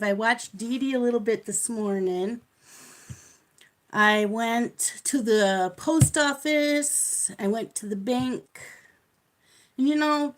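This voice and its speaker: A middle-aged woman hosting a live coloring stream, chatting casually and telling stories with frequent laughter. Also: mid-range voice. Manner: chatty storyteller who laughs often. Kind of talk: casual chat while coloring.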